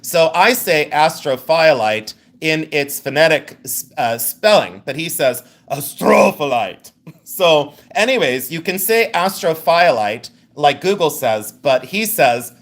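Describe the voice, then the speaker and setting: A man with a slightly higher voice hosts a live jewelry sale from indoors. He chats casually and jokes with viewers, often breaking into laughter. He describes each ring and pendant with warm enthusiasm. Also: lively intonation, unhurried, hardly any pauses. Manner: chatty, joking, often laughing. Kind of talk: live sales stream chat.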